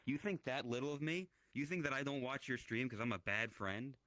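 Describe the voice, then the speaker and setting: A man's voice: medium pitch, brisk, fairly bright tone, no echo, low-quality recording. A man chatting casually with a streamer friend, teasing and playing mock offense. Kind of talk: casual chat.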